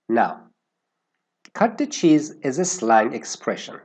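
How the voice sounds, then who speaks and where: A man teaching an English lesson, explaining word use slowly and carefully and stressing how words sound. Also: mid-range voice, big pitch swings, breathy edge.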